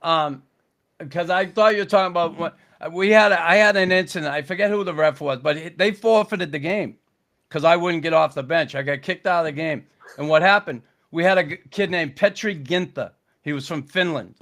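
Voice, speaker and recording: A man, a podcast guest telling stories in a gruff, blunt way, swearing constantly. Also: a little high, brisk, fairly bright tone. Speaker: podcast guest, former hockey enforcer. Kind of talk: casual storytelling chat.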